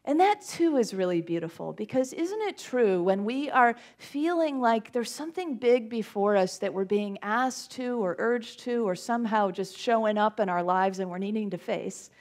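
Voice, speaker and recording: A woman's voice: on the high side, lively intonation, normal speed, few pauses, a little mellow. A woman minister giving a conversational sermon in a church, laughing often as she retells scripture. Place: church sanctuary with congregation.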